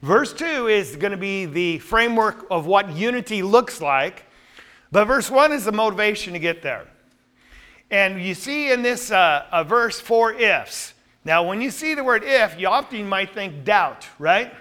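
A man's voice: high voice, animated, a little slow, bright, forceful tone. A man teaching a Bible study class, reading scripture aloud and asking the group questions.

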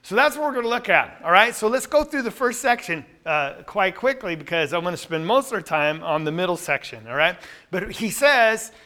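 Guy leading a bible study, high bright voice, keeps quizzing the class. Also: expressive, fairly quick, few pauses. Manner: asks the class questions and reads scripture aloud.

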